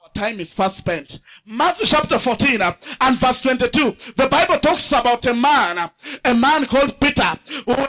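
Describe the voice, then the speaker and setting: A man preaching a fiery sermon. He swings from shouts to low asides and asks the congregation to finish his lines. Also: lively intonation, normal speed. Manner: asks the congregation to fill in words.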